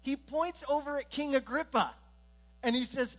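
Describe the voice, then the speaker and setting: A male pastor preaching with a fairly high voice. He swings between loud, emphatic retellings and quieter, joking asides. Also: moderate pace, low-quality recording. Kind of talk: sermon.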